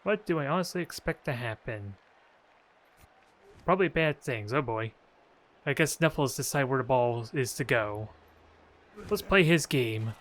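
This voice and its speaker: Man, mid pitch, playful gamer commentating his match, light trash talk, faint background hum. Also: expressive, moderate pace, pauses often, fairly bright tone. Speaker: video game player and commentator. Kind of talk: casual gameplay commentary.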